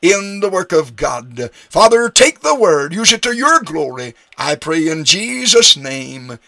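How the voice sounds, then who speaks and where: Radio preacher, man, bright cutting tone, dry close mic, emphatic delivery. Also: fairly high pitch, sing-song, measured pace, creaky, no room sound. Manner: emphatic preaching, voice rising on key phrases. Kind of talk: sermon. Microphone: studio radio microphone.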